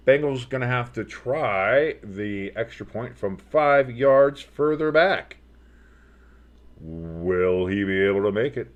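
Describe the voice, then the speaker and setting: A man calling a game live for his stream in a casual play-by-play style. His voice sits at an ordinary middle pitch. He gets excitable on the big plays and cracks jokes to his chat between snaps. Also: slow pace. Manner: excitable, joking, talks to chat.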